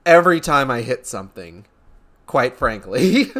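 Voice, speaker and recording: A young man giving let's play commentary, talking in an excited, laughing, emphatic way. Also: medium pitch, takes it slowly. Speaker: streamer.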